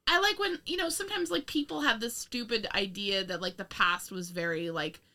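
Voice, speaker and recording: A woman's voice: medium pitch, fairly quick, bright, forceful tone. A young woman co-hosting a casual film review chat, rambling, laughing often and swearing with sarcastic asides. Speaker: podcast co-host.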